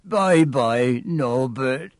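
A man voicing a big, soft-hearted, tearful male gamekeeper who puffs and sobs as he talks, in a dry recording. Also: fairly high pitch, lively intonation, a little slow, no echo, voice pushed up, exaggerated voice. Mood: sobbing, tender. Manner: puffing, emotional, hoarse-toned.

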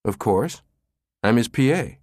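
A man's voice: mid-range voice, expressive, measured pace, a little mellow, dry recording, studio quality, pitched above the performer's own voice. A man voicing a nervous, exasperated male office assistant who pleads in a flustered way.

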